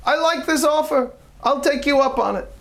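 A man voicing a wise, sly old rabbi in a told joke, speaking slowly and knowingly. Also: extremely high pitch, creaky, pitched above the performer's own voice. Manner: slow, knowing, calm.

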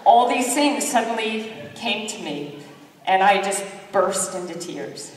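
A middle-aged woman giving a keynote talk, telling a story in an animated, self-mocking way and acting out the voices of others. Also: mid-range voice, takes it slowly. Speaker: keynote speaker. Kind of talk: lively storytelling speech. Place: large sports hall. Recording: echoey hall from far off.

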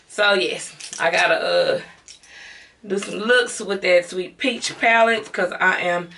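A woman's voice: on the low side, slow, vocal fry, sharp tone, recorded from a distance. A middle-aged woman with a Southern American accent, chatting casually to her viewers in a home beauty haul vlog. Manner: chatty, talks straight to viewers as y'all. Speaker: beauty vlogger.

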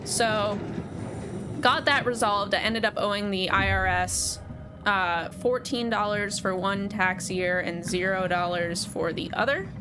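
Woman from the us, streamer, chatty, rambling, laughs often, steady hum behind. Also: medium pitch, unhurried. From United States. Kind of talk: casual live gaming chat.

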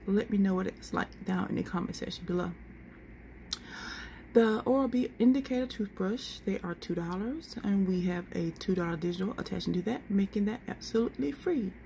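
A woman vlogger with a medium-pitched, gravelly, dark-toned voice chats casually to camera, walking viewers through coupon deals and listing prices item by item. She says "y'all," and there's slight background noise.

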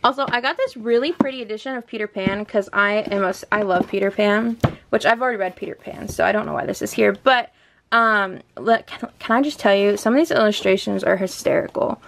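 A woman's voice: medium pitch, fairly quick, vocal fry, a little hiss or hum. A young woman chatting casually in a book vlog, gushing and chatty as she shows her shelves at home. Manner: gushing and chatty, often laughs. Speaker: book vlogger. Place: home room by a bookshelf.

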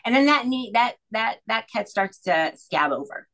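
A middle-aged woman telling an emotional personal story as an interview guest, earnest and halting, with many restarts. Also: fairly high pitch, very animated, a bit bright, low-quality recording. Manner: earnest, halting, full of "you know" and restarts.

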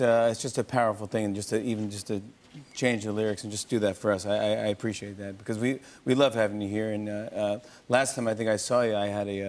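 A man hosting a late-night talk show, telling a story with excitement, laughing and stumbling over repeated words. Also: fairly low pitch. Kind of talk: animated comic storytelling. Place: TV studio with live audience.

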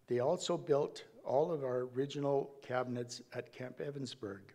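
Man, eulogy, church, read from notes, measured delivery, mid-pitched. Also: dark tone. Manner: measured, reading aloud with small slips and restarts. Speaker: family member giving a eulogy.

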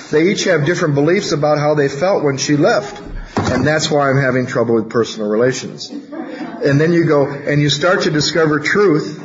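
A man from California speaking at a recovery workshop, telling stories and acting out quoted voices. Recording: dull low-fidelity recording, faint hiss.

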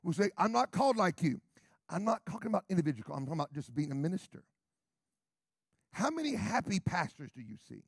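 A middle-aged American man, a pastor, preaching a brash, sarcastic sermon that swings from quiet asides to shouts. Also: fairly high pitch, sing-song, fast talker, gravelly, husky, no room sound, studio quality. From United States.

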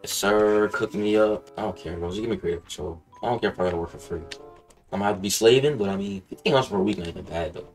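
A young man with a fairly low voice rambles through a wrestling game, swearing freely and tacking "bro" onto nearly every line. His casual commentary swings from laid-back muttering to excited outbursts, with faint music playing underneath. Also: quick pace. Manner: excitable, profane, rambling, says "bro" constantly. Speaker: gaming channel host.

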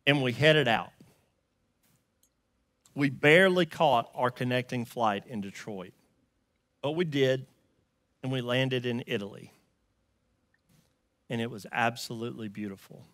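A man with a Southern US accent preaching a sermon, telling a story and swinging from loud emphatic lines to quiet hushed ones. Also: medium pitch, measured pace, pauses often, dry recording. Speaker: pastor.

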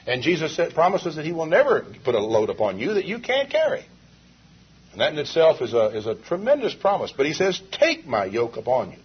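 Husky male preacher, lively delivery. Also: fairly high pitch, fairly quick. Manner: emphatic, asks rhetorical questions. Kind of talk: sermon. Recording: dull lo-fi 1980s sermon tape.

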